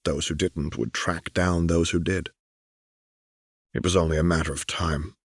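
A man with a very deep, low voice reads a story aloud in a steady, even manner. The recording is dry and close, with no room sound. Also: a little slow, breathy edge, no room sound. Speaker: audiobook narrator. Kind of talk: scripted narration of a story.

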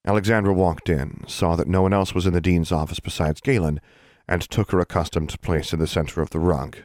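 Low-voiced male audiobook narrator. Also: steady tone, a little fast, a little mellow, no room sound, clean studio sound. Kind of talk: scripted narration.

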